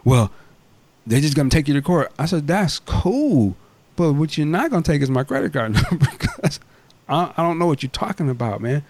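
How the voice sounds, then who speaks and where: A man's voice: on the high side, sing-song, moderate pace, a little mellow, no room sound. A man casually telling a story on a podcast, laid-back and slangy, acting out both sides of a phone call. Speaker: podcast co-host.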